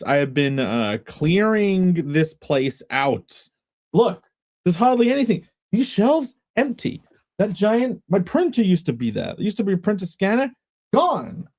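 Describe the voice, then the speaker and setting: An English man chatting casually on a live stream from a half-emptied room at home, meandering and wry. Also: darkish tone. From England. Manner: meandering and wry, with big pitch swings.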